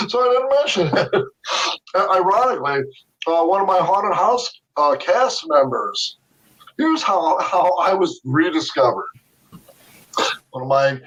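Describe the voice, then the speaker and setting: Man, podcast guest, lively chuckling storyteller with a slightly high voice. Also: slightly rough, far from the mic, low-quality recording. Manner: animated storyteller who laughs often and repeats words. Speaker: interview guest, video game artist.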